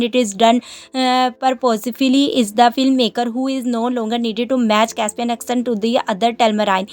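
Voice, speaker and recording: A woman reading a scripted film commentary, halting often with "uh" pauses. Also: fairly high pitch. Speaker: narrator.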